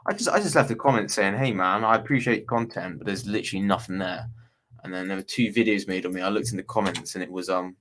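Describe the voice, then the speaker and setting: Low-voiced chatty man from Bristol. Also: lively intonation, fast talker. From Bristol, England. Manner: rambling, chatty, slangy with frequent restarts. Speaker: livestream guest. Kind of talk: casual chat.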